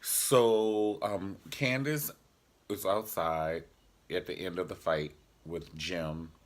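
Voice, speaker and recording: A man's voice: deep voice, steady tone, slow pace. A man casually reviewing a TV drama episode in a sassy, joking vlog style. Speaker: TV show reviewer.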